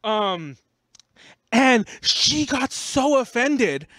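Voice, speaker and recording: Casting: high-pitched man, podcast host, rambling and chatty, dry close mic. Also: big pitch swings, drawn-out words, fairly bright tone, no echo. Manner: rambling storytelling, heavy use of "like". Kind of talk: casual podcast chat.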